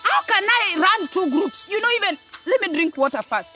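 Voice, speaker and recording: A Kenyan woman delivers a scolding rant straight to her audience in a very high, sharp, bright voice. She hammers her points with repeated words and asks "eh?" between them, and faint music plays behind her. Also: animated, moderate pace. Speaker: online commentator. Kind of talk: ranting monologue to camera.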